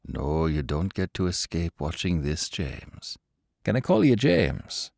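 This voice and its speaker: A man's voice: deep voice, big pitch swings, vocal fry, darkish tone, no echo, studio quality, heavily acted. A man doing a cold, sadistic interrogator. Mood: cold menace. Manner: cold, mocking, slow and menacing. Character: cold, sadistic male interrogator, middle-aged.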